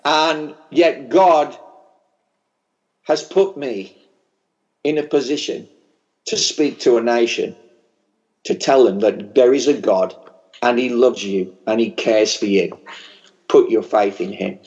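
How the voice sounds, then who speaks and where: Fervent English preacher with a regional accent. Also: male voice, mid-range voice, takes it slowly, long pauses, darkish tone, lo-fi sound. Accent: English regional, working-class. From England. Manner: fervent, storytelling, builds to a blessing. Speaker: pastor. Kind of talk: sermon. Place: large church conference hall.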